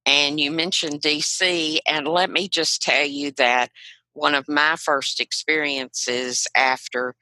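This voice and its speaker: Older woman with a Southern accent, bright voice. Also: sits low, fairly even intonation, takes it slowly, no room sound, low-quality recording. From South Carolina and Arkansas, US. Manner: frank, anecdotal, proud of her accent. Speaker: guest, retired non-profit leader. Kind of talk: storytelling in a podcast interview.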